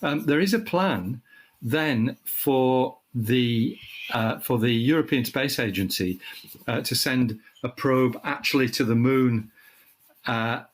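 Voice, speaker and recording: An older man from the UK, with a frog in his throat, explaining space science in casual chat and clearing his throat often. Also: mid-range voice, takes it slowly. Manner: thoughtful, restarts phrases, clears throat often. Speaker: astronomy guest expert.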